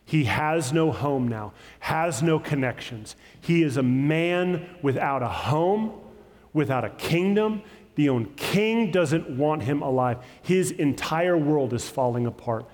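A man preaching a sermon, his pitch sitting in an ordinary middle range. He moves between loud, emphatic stresses and quiet, slowed-down lines. His voice rings through a church sanctuary with long reverb. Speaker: pastor.

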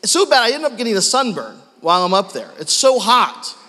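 Male pastor, sermon, self-deprecating storyteller, bright high voice, long hall reverb. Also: sing-song, fairly quick.

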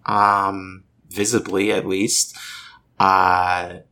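A man co-hosting a podcast in casual chat, delivering game lore in a deadpan, matter-of-fact way. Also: deep voice, very slow. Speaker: podcast co-host.

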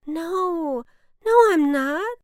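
A woman's voice: measured pace, no echo, clean studio sound. A woman voicing a kind, polite little boy in a children's storybook, earnest and eager. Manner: earnest and eager, raised bright pitch.

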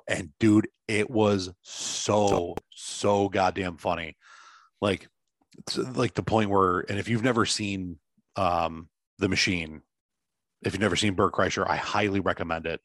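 A man's voice: low voice, fairly even intonation, unhurried, a bit bright, dry recording. A man in casual chat, telling a long rambling story full of fillers over a video call.

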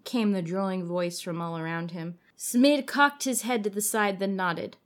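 A woman's voice: medium pitch, normal speed. A woman co-host reads a gory story aloud in a loose, casual way. She giggles often and stumbles over words, then corrects herself and keeps going. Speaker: podcast co-host.

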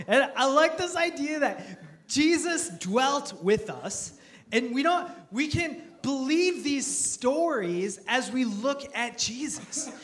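A male pastor preaching a sermon, telling stories with lively, self-mocking humor and earnest emphasis. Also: extremely high pitch, slow pace.

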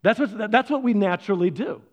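Animated high-voiced male pastor. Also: fairly quick. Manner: animated storyteller, acts out his own reactions. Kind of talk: sermon with personal stories.

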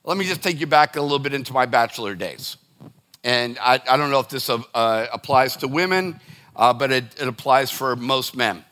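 A man's voice: mid-range voice, animated, moderate pace, bright, forceful tone. A middle-aged man preaching a sermon to his congregation in a loose, conversational way, with frequent restarts and direct asides. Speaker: pastor.

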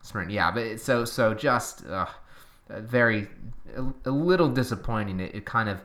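A man co-hosting a casual cycling podcast, talking in halting bursts with frequent restarts and laughs. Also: on the low side, lively intonation, a bit bright. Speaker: podcast co-host.

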